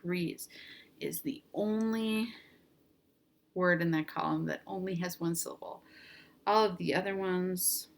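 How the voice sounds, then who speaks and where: Slow-drilling woman teacher, low creaky voice. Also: fairly even intonation. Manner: slow, clear word drills with prompts. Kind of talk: online reading lesson.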